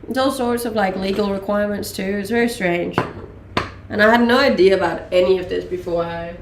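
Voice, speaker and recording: A woman's voice: mid-range voice, a little fast, roomy sound, noisy background. A woman in her late twenties from Denmark, with a mixed Danish and English accent, chatting casually on a live stream with many ums and laughs. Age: late 20s. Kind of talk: casual chat reading live chat.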